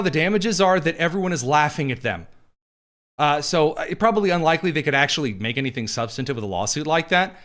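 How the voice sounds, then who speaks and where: Male podcast host, rambling sarcastic commentary, somewhat high pitch. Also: fairly bright tone. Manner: quick, sarcastic, rambling with fillers. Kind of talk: casual political commentary.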